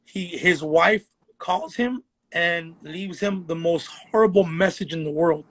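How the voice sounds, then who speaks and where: A man guesting on a podcast tells an eerie story in an earnest way and slows down on the creepy parts. His voice is fairly high for a man, with a husky edge. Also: fairly bright tone. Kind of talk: casual chat, storytelling.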